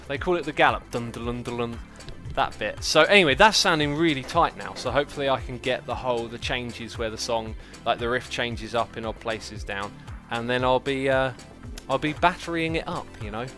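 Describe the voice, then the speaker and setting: A man hosting a game livestream, chatting casually in a rambling, jokey way with lots of fillers. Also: mid-range voice. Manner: excitable outbursts, playful and jokey. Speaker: livestream host playing a game. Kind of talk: casual gaming commentary.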